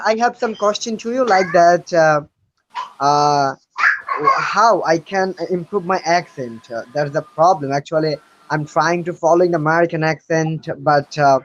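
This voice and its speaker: A non-native speaker learning English, asking questions hesitantly with many pauses on a casual stream chat. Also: medium pitch, dull audio, a little hiss or hum. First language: not English.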